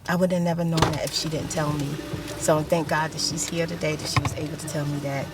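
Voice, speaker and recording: A middle-aged woman telling a long story in a soft-spoken ASMR style, rambling and repeating herself for emphasis. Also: deep voice, flat delivery, quick pace, very noisy. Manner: rambling and repetitive, emphatic retelling; drops to a whisper for quoted speech. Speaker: ASMR channel host.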